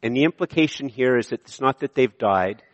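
A Canadian man preaching a sermon, moving between emphatic high points and quiet, slow passages. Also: lo-fi sound. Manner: animated preaching, shifting from emphatic to hushed. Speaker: pastor. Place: church sanctuary. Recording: long reverb of a large hall.

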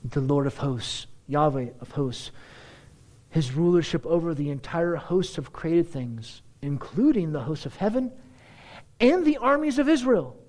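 Male pastor, sermon delivery, high-pitched and very lively. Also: measured pace. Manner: animated preaching, rising to excited emphasis.

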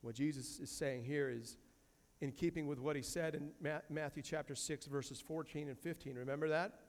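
A man's voice: a little high, steady tone, moderate pace. Emphatic male pastor in a reverberant hall. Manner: emphatic, repeats key phrases, quotes scripture. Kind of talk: sermon. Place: church sanctuary.

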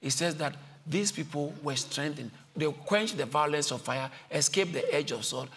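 A man preaching a sermon in a church, exhorting and repeating his point, moving from low calm passages to shouted peaks. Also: moderate pace. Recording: live church crowd responding.

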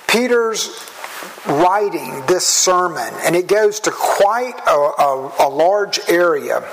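A man with a Southern American accent, a pastor preaching a sermon in a measured, earnest way. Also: high-pitched, a bit bright, poor audio. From southern United States. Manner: measured, slow and earnest, with drawn-out words. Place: church.

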